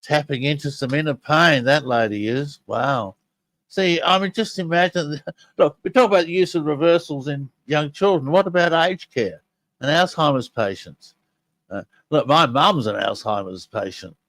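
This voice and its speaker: A man's voice: a little high, normal speed, a bit bright, dry recording. An older man hosting a podcast, chatting casually and eagerly to listeners as he presents audio clips. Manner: chatty and enthusiastic, talking straight to listeners. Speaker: podcast host.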